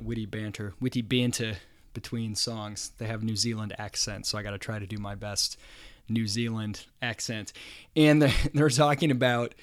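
A man hosting his own podcast, talking casually and thinking aloud, with frequent chuckles. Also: mid-range voice. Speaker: podcast host. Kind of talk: solo podcast monologue.

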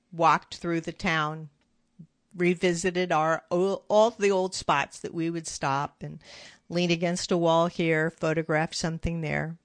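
A middle-aged woman hosting her own podcast, talking in a reflective, gentle and candid way from her home office. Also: lowish voice, no echo. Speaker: podcast host. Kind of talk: personal podcast monologue.

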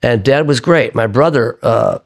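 A man's voice: medium pitch, normal speed. Older man, rambling storyteller. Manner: rambling, self-correcting raconteur. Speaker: singer-songwriter guest. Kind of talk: casual storytelling.

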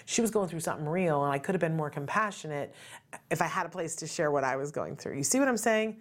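Talking fast and expressively in a low pitch, this middle-aged talk show host gives a relaxed monologue. She comes across as sincere and chatty, often tossing in "right?"

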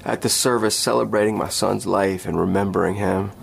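A man's voice: on the low side, steady tone, a little fast, vocal fry, husky. A man earnestly telling a personal story about writing a song, reflective in tone. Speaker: guest musician.

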